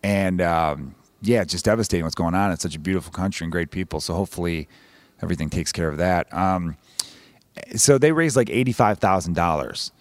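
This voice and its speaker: A man's voice: deep voice, a little fast, no room sound. A man hosting a podcast, talking in a casual, rambling, wry comedic monologue full of swearing. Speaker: podcast host.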